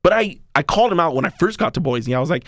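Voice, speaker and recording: A man's voice: on the high side, expressive, fast talker, a bit bright, no echo, clean studio sound. A young man co-hosting a podcast, telling a rambling story in casual chat and swearing freely. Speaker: podcast co-host.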